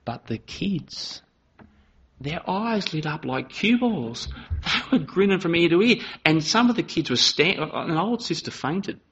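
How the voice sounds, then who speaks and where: A man preaches to a congregation, his voice bright and forceful. He tells stories with lively swings, briefly acting out children's voices. The recording sounds a little dull and lo-fi. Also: a little high, unhurried. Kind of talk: sermon.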